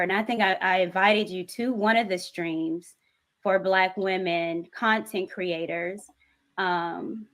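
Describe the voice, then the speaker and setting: A woman with a Southern US accent, a content creator speaking in a measured, earnest way on a panel discussion. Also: fairly low pitch, a bit bright.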